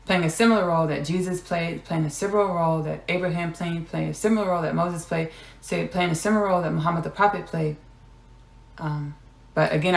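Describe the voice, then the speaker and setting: A woman's voice: low voice, steady tone, brisk, creaky, reverberant. A woman hosting a podcast, giving a spiritual channeling monologue, repeating her phrases and drifting into whispers. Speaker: podcast host.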